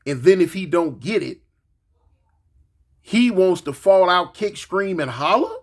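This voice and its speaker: A man's voice: high voice, measured pace. A man in his forties, a grandfather, telling a story in a casual monologue and acting out the quotes. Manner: animated, acts out quotes, repeats words.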